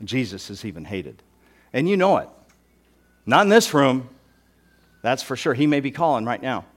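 Animated male pastor preaching. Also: mid-range voice, moderate pace. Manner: animated, acts out mocking voices, joking asides. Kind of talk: sermon. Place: church.

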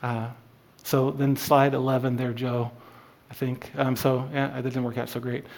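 Man in a mid-range voice leading a casual Bible study, halting, full of fillers and restarts. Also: mid-range voice, flat delivery, darkish tone. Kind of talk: informal Bible teaching.

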